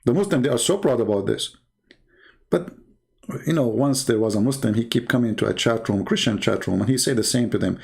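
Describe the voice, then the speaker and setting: Male debate host, middle-aged, gravelly voice, sarcastic and mocking delivery. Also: mid-range voice, expressive, fairly quick, a little mellow. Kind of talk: mocking commentary on videos.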